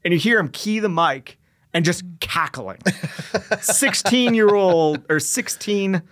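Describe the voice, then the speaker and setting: A young man with a voice pitched a little high tells a story in a relaxed interview. He keeps it lively and acts out snatches of radio dialogue with a touch of humor. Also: slow. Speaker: guest, veteran entrepreneur.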